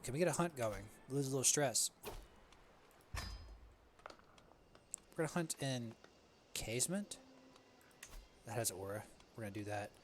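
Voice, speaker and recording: A man's voice: medium pitch, lively intonation, measured pace, pauses often, background noise. A young man giving casual, joking gameplay commentary and calling everyone "bro" in slang. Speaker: let's play gamer.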